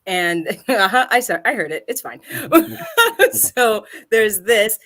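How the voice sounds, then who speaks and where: A woman's voice: fairly high pitch, wildly swooping pitch, slow pace, a bit bright. A woman improviser and co-host chatting casually on a podcast, rambling, self-mocking and laughing often.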